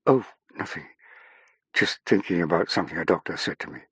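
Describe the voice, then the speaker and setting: A man voicing a young British woman who is anxious but composed, lifting his voice higher for her. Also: lively intonation, fairly quick, husky, no echo, full character voice. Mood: wry. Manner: raised pitch for a woman.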